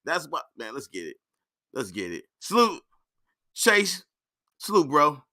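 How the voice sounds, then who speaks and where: A man's voice: on the high side, wildly swooping pitch, measured pace, pushed and bright. A man hosting a reaction show, giving blunt, mocking and heated commentary full of swearing. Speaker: reaction channel host.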